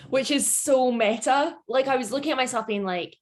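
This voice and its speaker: A woman's voice: high voice, unhurried. A woman with a Scottish accent, talking as a guest in a casual interview, laughing often and filling her speech with "like". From Scotland. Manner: chatty, laughs often, many "like" fillers.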